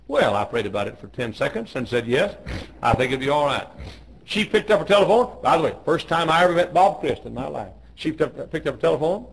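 A male pastor with a gravelly, slightly high voice tells a sermon story in a folksy, homespun manner. He restarts phrases and clears his throat as he goes. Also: low-quality recording.

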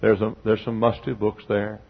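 An older man from Texas preaching a sermon in a folksy style, swelling to near-shouted peaks and dropping to quiet asides. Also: on the low side, monotone, moderate pace, vocal fry, husky. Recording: dull lo-fi sermon tape.

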